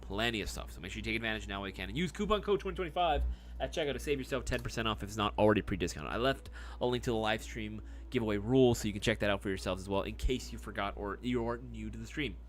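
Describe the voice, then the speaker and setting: A young man hosting a live stream, chatting casually and reacting loudly to chat messages. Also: fairly low pitch, racing. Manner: laid-back, chummy, calls people dog and brother.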